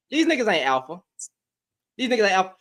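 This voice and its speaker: Animated, ranting male commentator. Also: high-pitched, normal speed. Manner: heated, slangy, loud bursts and laughs. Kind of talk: casual reaction rant.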